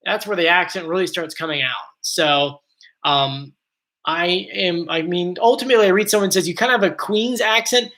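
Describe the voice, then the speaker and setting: Hosting a casual live stream, a man with a blended South Jersey and Philadelphia accent speaks in a high, bright, forward-placed voice at a moderate pace. He rambles cheerfully from one viewer comment to the next.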